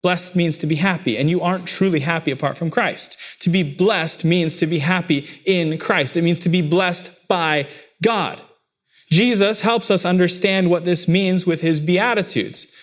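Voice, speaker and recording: Preaching man, somewhat high voice. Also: normal speed. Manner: preaching with swings between quiet, heavy lows and raised emphatic lines. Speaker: pastor. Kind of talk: sermon.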